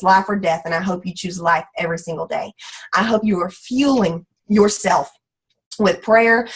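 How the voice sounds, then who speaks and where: A woman leading a motivational team call, energetic and folksy, slipping into playful voices for quotes. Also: mid-range voice, slightly rough, rough recording. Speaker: team leader.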